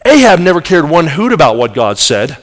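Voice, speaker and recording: A man's voice: fairly high pitch, big pitch swings, brisk. A middle-aged man preaching a sermon, telling the story vividly and asking the audience rhetorical questions. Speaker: pastor. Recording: long reverb of large hall.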